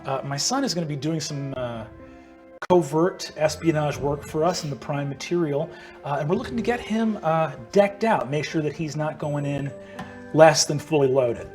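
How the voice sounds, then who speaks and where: Man doing a relaxed middle-aged agent father, fatherly and folksy, with faint music behind. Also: a little high, moderate pace, lightly acted. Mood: casual. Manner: laid-back, folksy and fatherly. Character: easygoing middle-aged male spy father.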